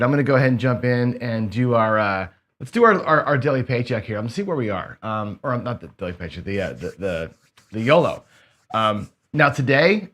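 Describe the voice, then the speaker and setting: A middle-aged man with a hoarse voice, hosting a casual gambling show and chatting loosely with many fillers and restarts. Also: medium pitch, fairly bright tone. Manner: rambling, filler-heavy, frequent restarts. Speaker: host.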